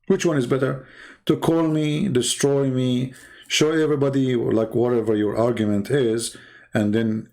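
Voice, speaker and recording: A man's voice: mid-range voice, creaky, mellow. A man hosting a livestream, talking in a combative, mocking way and challenging his listeners. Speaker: livestream host. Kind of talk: taunting livestream monologue.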